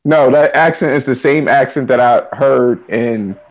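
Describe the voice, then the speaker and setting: A man's voice: medium pitch, unhurried. A man co-hosting a gaming podcast, talking bluntly and profanely, often repeating himself. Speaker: podcast co-host. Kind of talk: casual gaming chat.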